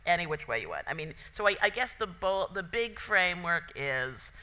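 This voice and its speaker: Lively, lower-voiced woman interviewer. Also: normal speed. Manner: rambling, self-correcting questions. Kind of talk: casual onstage interview.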